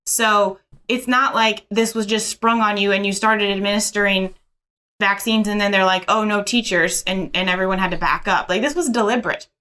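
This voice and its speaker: A woman's voice: medium pitch, moderate pace, pushed and bright, clear, resonant tone. A woman co-hosting a casual political podcast, blunt and sardonic. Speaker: podcast co-host.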